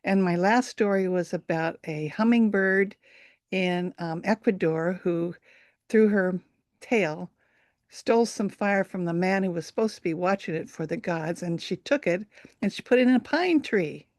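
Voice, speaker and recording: A woman storyteller casually introducing her story, chatty and relaxed. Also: on the low side, a little slow, dry recording, studio quality.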